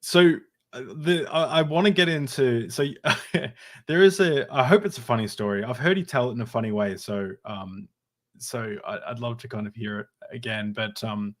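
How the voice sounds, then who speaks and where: A man's voice: mid-range voice, moderate pace. A man hosting a podcast, asking eager questions in a hesitant, casual way and laughing easily. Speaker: podcast host. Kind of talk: casual interview.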